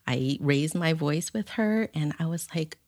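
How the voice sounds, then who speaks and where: Low-voiced mother sharing candidly. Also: lively intonation, measured pace, a little mellow, no echo, studio quality. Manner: candid and heartfelt. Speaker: guest, mother. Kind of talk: personal storytelling.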